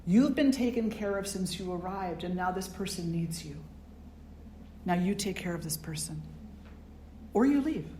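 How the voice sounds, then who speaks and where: A woman's voice: on the low side, normal speed, dark tone, slight background noise, lightly acted. A woman putting on a firm Indian man. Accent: Indian English. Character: earnest young Indian man, firm and caring. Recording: roomy hall with faint ambience.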